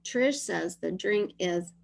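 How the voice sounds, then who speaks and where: A woman's voice: fairly low pitch, animated, slow, creaky, a little mellow. A woman teacher leading young children through a dictation lesson, sounding out words and spelling them letter by letter.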